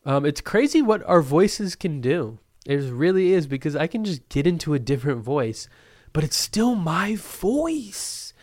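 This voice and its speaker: A man's voice: fairly high pitch, expressive, moderate pace, hardly any pauses, darkish tone, no room sound, studio quality. A man hosting a solo podcast, rambling in a manic, loopy, profane way, his throat still phlegmy from being sick. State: phlegmy throat after illness. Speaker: podcast host.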